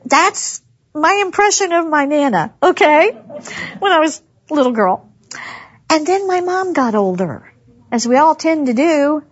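A woman's voice: sits high, sing-song, unhurried. A woman gives a humorous, chatty devotional talk to women, laughing often as she tells stories. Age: 60s. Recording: dull lo-fi recording.

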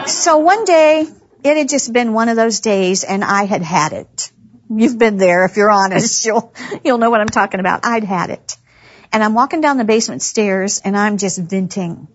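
A woman gives a humorous, chatty devotional talk to women, laughing often as she tells stories. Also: a little high. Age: 60s. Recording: dull lo-fi recording.

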